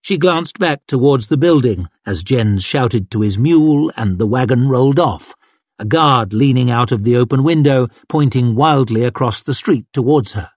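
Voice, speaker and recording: Guy reading a fantasy audiobook, husky voice, dry close sound, steady dramatic telling. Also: mid-range voice, no echo. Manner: measured, dramatic storytelling. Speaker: audiobook narrator. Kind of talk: scripted narration.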